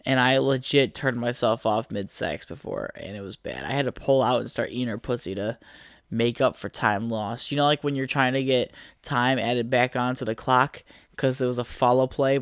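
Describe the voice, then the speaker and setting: A man's voice: mid-range voice, moderate pace, no echo, studio quality. A man hosting his own podcast from his apartment, rambling crudely and profanely from one thought to the next. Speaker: podcast host. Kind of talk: solo casual podcast rant. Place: apartment room.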